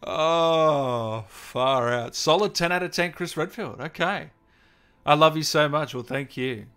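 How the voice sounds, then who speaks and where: A man's voice: on the high side, moderate pace, sharp tone. A man hosting a gaming livestream interview, chatting casually, reading out viewer comments and laughing often.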